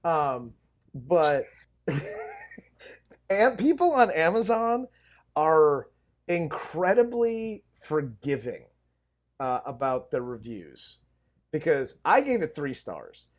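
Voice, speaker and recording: A man co-hosting a movie review podcast, chatting casually with a lot of ups and downs in his voice. He jokes around and laughs often as he talks, and his pitch sits a little high for a man. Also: takes it slowly, long pauses. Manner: laughs often, joking and excitable. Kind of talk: casual chat.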